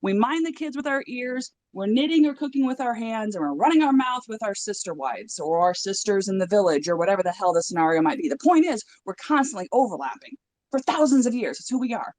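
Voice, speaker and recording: A woman in a casual call-in chat, telling a joke with lively storytelling. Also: mid-range voice, brisk, no echo. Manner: animated storytelling joker.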